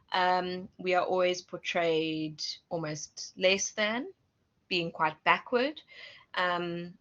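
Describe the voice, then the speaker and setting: A woman's voice: fairly low pitch, fairly bright tone. A South African woman lecturer giving an online class, chatty and self-correcting, asking her students questions. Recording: muffled lo-fi audio.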